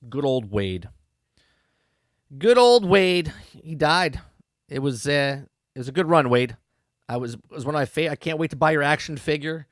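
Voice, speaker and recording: A man's voice: mid-range voice, a bit bright, no echo, studio quality. A man hosting a podcast, giving a rambling, exasperated spoken review that repeats its points and swears freely. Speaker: podcast host. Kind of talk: casual show review commentary.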